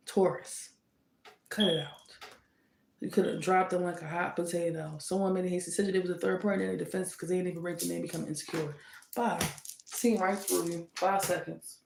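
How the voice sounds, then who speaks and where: A woman's voice: fairly low pitch, level tone, fairly quick, creaky, a little hiss or hum. A woman giving a casual tarot reading, speaking emphatically and scolding with indignant rhetorical questions. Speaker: tarot reader. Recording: echoey room.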